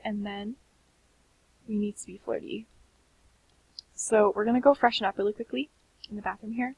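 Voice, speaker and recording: A young woman giving sleepy, chatty commentary on a life-sim game, often slipping into soft half-whispers. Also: medium pitch, normal speed, creaky, long pauses, husky, rough recording. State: sleepy, keeps yawning. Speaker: gaming channel host. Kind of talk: casual gameplay commentary.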